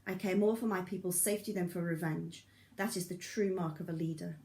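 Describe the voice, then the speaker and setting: A woman's voice: lowish voice, steady tone, a little fast, a little mellow, natural voice. A woman reading the part of a fierce, scarred woman who leads a band of outcasts, speaking coldly and with scorn, in a roomy recording. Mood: scornful, commanding. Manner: cold, commanding, scornful. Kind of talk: audiobook reading.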